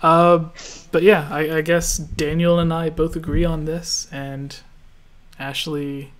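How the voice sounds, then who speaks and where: A man from Canada hosting a casual gaming podcast, relaxed and laughing often as he reads listener questions. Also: a little high, takes it slowly. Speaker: podcast host.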